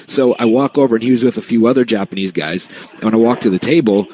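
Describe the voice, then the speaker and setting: A man's voice: mid-range voice, fast, few pauses, darkish tone, slight background noise, poor audio. A man co-hosting a podcast, telling a casual story in a rambling way that restarts its sentences often. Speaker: podcast co-host.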